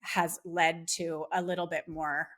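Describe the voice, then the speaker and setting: A woman's voice: lowish voice, flat delivery, a little slow, a bit bright. A woman speaking as a podcast guest, talking earnestly with frequent fillers and restarts. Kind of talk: casual conversation.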